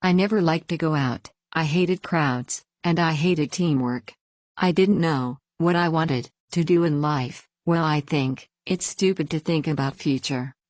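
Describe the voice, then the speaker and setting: Female story reader, very low voice, dry close sound, plain even first-person narration. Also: measured pace, dry recording.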